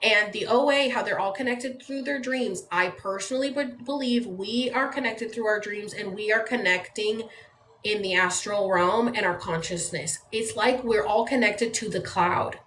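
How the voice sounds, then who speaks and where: A woman's voice: mid-range voice, moderate pace, fairly bright tone. A woman from San Diego chatting casually on a phone livestream from home, rambling and leaning on "like" as she talks. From San Diego, California. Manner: rambling, conversational, uses "like" often. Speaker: livestream host. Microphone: phone mic. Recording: echoey room with faint background noise.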